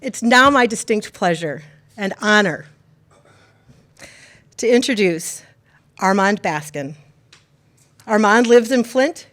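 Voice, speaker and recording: A woman's voice: mid-range voice, expressive, slow, pauses often, a bit bright. A woman state legislator giving earnest, prepared remarks at a press conference. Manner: earnest, reads from prepared text.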